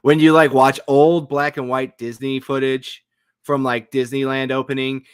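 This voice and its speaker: A man's voice: medium pitch, flat delivery, moderate pace, smooth, dry recording, studio quality. A man co-hosting a podcast, chatting casually and rambling with many filler words while watching a documentary. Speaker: podcast co-host.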